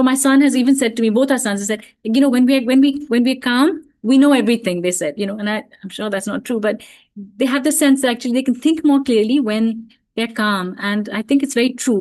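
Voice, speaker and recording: Calm, fairly high-voiced woman. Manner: calm, reflective storytelling with many fillers. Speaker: parenting speaker. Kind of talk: online talk sharing parenting stories.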